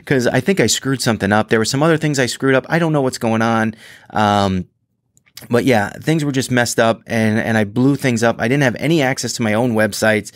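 A man hosting his own podcast, talking casually on his own, rambling with many restarts and excited asides. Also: medium pitch, normal speed, pauses often, no room sound, clean studio sound. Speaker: podcast host. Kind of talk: casual solo podcast monologue.

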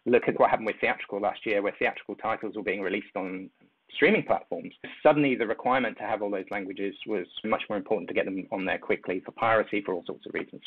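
A man, an industry executive, giving a measured, explanatory interview answer and weighing options aloud over remote call audio. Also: on the low side, breathy edge, no echo. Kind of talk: interview answer on business strategy. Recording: tinny phone-like line, dry.

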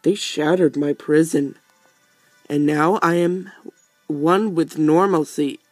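A man's voice: on the high side, fairly even intonation, slow pace, no room sound, soft background music. A man voicing a stately pillow prince from a video game who speaks in grand, archaic phrasing. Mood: grandiose.

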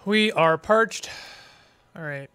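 Slow-talking, playful, exasperated gaming streamer. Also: mid-range voice, fairly bright tone, clear, resonant tone. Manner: playful and exasperated, with dramatic outbursts and silly words. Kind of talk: let's play commentary.

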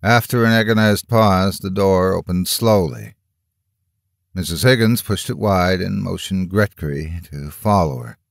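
A man narrating a horror story as a dramatic audiobook reading, slow and measured with tense swells. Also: low-pitched, creaky, no room sound, clean studio sound.

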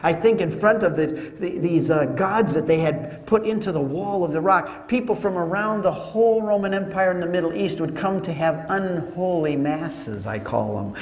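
A man giving a teaching talk to an audience, telling it as an animated story with joking asides. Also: on the high side. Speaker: Catholic speaker. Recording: echoey hall with long reverb.

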